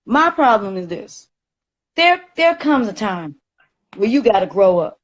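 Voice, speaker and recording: A woman, ranting emphatically on a live stream and growing loud and agitated. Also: medium pitch, very animated, unhurried, lo-fi sound. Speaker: livestreamer. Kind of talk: heated live-stream rant.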